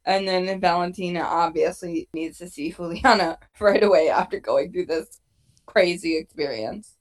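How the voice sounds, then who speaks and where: Woman podcast co-host, casual recap chat, animated delivery with frequent swearing. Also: lowish voice, normal speed. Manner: animated, swearing, acts out quotes.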